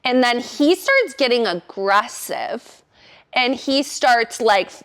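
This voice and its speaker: Young woman, casual storytelling, profane, lots of "like", fairly high voice. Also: takes it slowly. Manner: animated, profane, heavy use of "like".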